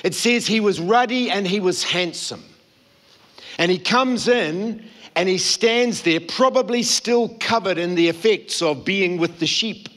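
A man's voice: high-pitched, a little slow, a bit bright. A man preaching a sermon, telling the story and acting out the quoted voices. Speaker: pastor. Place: church hall.

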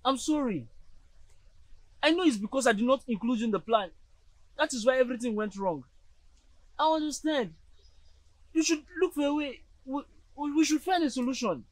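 A man's voice: very high voice, expressive, normal speed, long pauses, low-quality recording. A man with a Nigerian accent in a film drama, speaking apologetically. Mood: apologetic. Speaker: friend.

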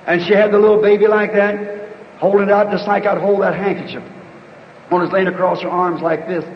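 A high-pitched man with a drawl preaches to a crowd, his plain homey storytelling climbing into shouted declarations. The sound is an old, dull tape recording with long reverb from a large hall. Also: little pitch movement, fairly quick, slight background noise. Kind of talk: sermon with storytelling.

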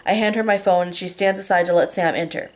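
A woman's voice: on the low side, steady tone, fast. A woman reading a novel aloud casually, now and then stumbling over words and apologizing. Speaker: reader.

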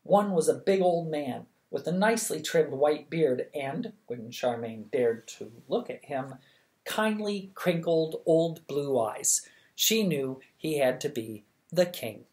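A reader narrating a children's novel at bedtime, measured and even. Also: mid-range voice. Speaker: audiobook reader. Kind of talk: scripted storybook narration.

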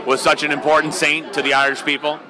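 A man's voice: a little high, flat delivery, fast. Male street reporter in a noisy crowd. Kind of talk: on-the-street interview. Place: crowded holiday party.

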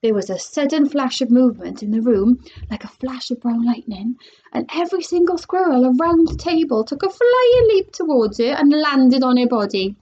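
A woman teacher reads a children's storybook aloud with expressive delivery. Her voice sits fairly high and moves a lot. The recording sounds dull and lo-fi. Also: normal speed. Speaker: primary school teacher reading aloud.

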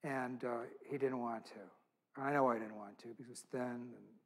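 Husky man, church speaker, earnest storytelling talk. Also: medium pitch, steady tone, fairly quick. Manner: earnest, intimate storytelling with quoted dialogue.

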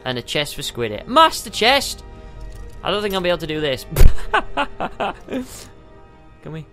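A man giving excitable let's play commentary, yelping and tossing out goofy exclamations. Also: sits high, measured pace, faint music behind. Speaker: gamer.

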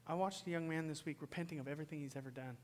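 A man preaching a sermon to his church, swinging from loud, pleading peaks down to a hushed whisper. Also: fairly high pitch, steady tone, very fast. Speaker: pastor. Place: church sanctuary. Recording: long reverb of a church hall.

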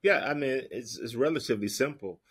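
A man's voice: medium pitch, lively intonation, brisk, a bit bright, husky. A man, a guest minister, giving emphatic preaching-style answers in an interview, repeating his key points in a teaching cadence.

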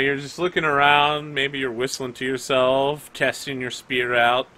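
A man's voice: mid-range voice, bright, forceful tone. A man running a tabletop game as game master, narrating loosely with lots of "like" and small laughs.

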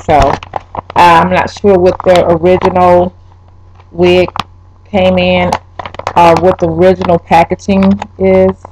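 A young woman vlogging a wig review, talking straight to her viewers, swearing and exasperated, her voice jumping up high when upset. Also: background noise. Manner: pitch leaps when upset. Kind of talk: casual vlog, ranting.

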